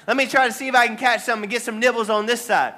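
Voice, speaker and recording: A man's voice: very high-pitched, steady tone, very fast, bright, forceful tone. A male pastor preaching a sermon to a congregation in church, calling for amens and asking the room questions. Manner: call-and-response preaching to a congregation.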